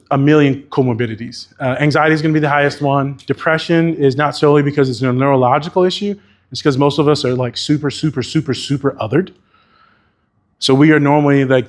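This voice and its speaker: A man's voice: medium pitch, darkish tone. A man giving a conference keynote as a therapist, talking candidly and casually and swearing freely. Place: conference venue.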